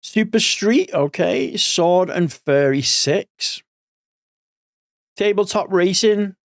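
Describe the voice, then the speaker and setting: A man's voice: sits high, animated, slow, vocal fry, dry recording, clean studio sound. A man in his forties giving casual gaming commentary as a streamer, rambling and thinking aloud, a bit sleepy. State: sleepy, yawning.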